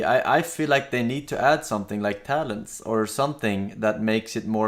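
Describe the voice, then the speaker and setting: A man's voice: lowish voice, expressive, normal speed, hardly any pauses. A male streamer chatting casually during a reaction stream, rambling and restarting often as he reads out names from chat.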